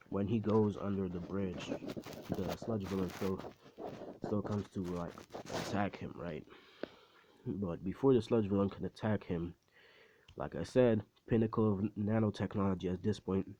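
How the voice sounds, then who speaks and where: A man's voice: low voice, steady tone, measured pace, pauses often, background noise. A man casually retelling a fan story in a rambling, slangy way, laughing at his own jokes. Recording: slightly muffled recording.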